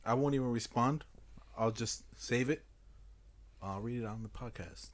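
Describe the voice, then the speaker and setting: A man's voice: medium pitch, normal speed, a little hiss or hum. A young man, co-hosting a podcast and telling stories in casual, profane chat. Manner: profane, animated storyteller. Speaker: podcast co-host.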